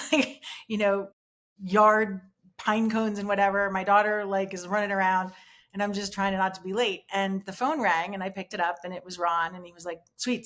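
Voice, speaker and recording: A middle-aged woman, an interview guest, recounting a painful personal memory in a halting way with many pauses and restarts over a remote call. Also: on the low side, fairly bright tone. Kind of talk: emotional personal recollection.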